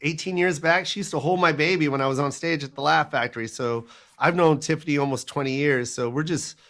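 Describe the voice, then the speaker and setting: A man chatting as an interview guest, a comedian who tells his stories in animated bursts and laughs often. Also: fairly high pitch. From United States. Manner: animated, laughs often, fast storytelling asides. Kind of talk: casual interview chat.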